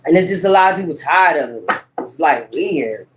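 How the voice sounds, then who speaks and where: With a deep, animated voice at normal speed, a woman gives a casual tarot reading to camera on a rough recording with slight background noise. She talks bluntly and heatedly, cusses often, and rambles emphatically with sudden exclamations.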